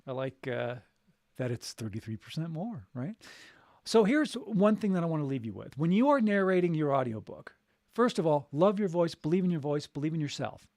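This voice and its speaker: A man's voice: a little high, big pitch swings, normal speed, darkish tone, no echo, studio quality. Upbeat encouraging man coaching. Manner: upbeat, encouraging, repeats key phrases. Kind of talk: live motivational chat.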